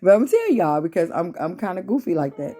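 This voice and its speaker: A woman with a drawl talks straight to her viewers in a fairly low voice, animated and a little preachy. Faint music plays under her talk. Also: fast talker. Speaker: vlogger. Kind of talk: casual motivational talk to viewers.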